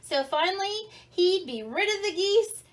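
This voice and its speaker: Animated woman reading a kids' storybook. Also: very high voice, unhurried. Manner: animated, asks children questions; explains words simply. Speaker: children's story reader. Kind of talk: interactive storybook read-along.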